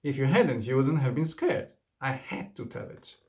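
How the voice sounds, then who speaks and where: A man's voice: medium pitch, expressive, moderate pace, gravelly, a little mellow. A man voicing a small mischievous boy, frank and then pleading through tears, in a storybook reading.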